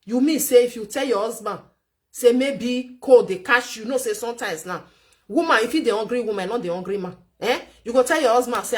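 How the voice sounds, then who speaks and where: Lecturing Nigerian Pidgin woman, higher voice. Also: animated, quick pace. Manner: chatty, lecturing, repeats herself for emphasis. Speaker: vlogger giving relationship advice. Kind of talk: casual commentary.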